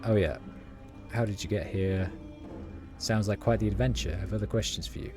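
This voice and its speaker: A man on a live game stream, chatting and reacting aloud as he plays. His voice sits low and easy. Game music plays clearly in the background. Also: a little fast. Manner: chatty, reacting aloud while reading dialogue. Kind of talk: casual live game commentary.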